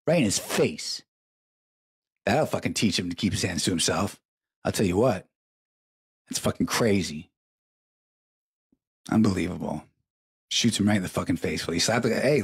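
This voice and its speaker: A man's voice: lowish voice, breathy edge, no room sound, studio quality. A middle-aged man hosting a live show, telling crude stories in a profane, rambling way and repeating his words for emphasis, while stoned. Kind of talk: crude stream-of-consciousness storytelling.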